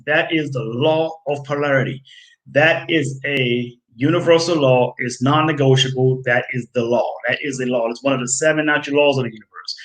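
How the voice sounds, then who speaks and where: This man's voice is medium-pitched and fairly bright, captured on a poor-quality recording. He hosts a health video and lectures the camera in a preachy, forceful style, calling his audience folks and hammering key phrases again and again.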